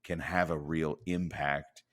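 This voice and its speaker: A man's voice: very deep voice, slow pace. A man telling a story from his sales career as a podcast guest, acting out the voices in it. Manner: animated storyteller acting out dialogue.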